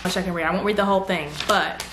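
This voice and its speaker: A young woman from North Carolina, chatting excitedly as she opens fan mail at home for her vlog. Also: mid-range voice, very fast, a little hiss or hum. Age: young adult. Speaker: vlogger. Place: room at home. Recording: echoey room with faint ambience.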